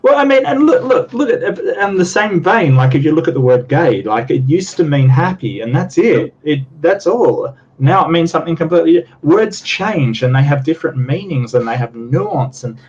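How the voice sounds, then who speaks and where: A man's voice: fairly high pitch, expressive, normal speed, few pauses, darkish tone. A man on a panel in a casual skeptic debate, talking emphatically and restarting his sentences as he argues. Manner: emphatic, argumentative, repeats words while restarting. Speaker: panelist on a skeptic discussion show. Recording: dull lo-fi audio with faint hiss.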